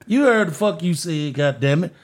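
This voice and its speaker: A man co-hosting a podcast, joking loudly with profane, laughing banter. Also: a little high, lively intonation, a little slow. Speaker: podcast co-host. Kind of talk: casual chat.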